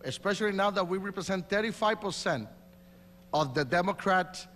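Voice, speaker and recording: A man's voice: high voice, animated, normal speed, a bit bright. A man in his forties with a Puerto Rican Spanish accent, answering debate questions emphatically in loose, broken English. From New York. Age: 40s. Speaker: mayoral candidate. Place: large hall at a live debate. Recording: reverberant hall with faint hum.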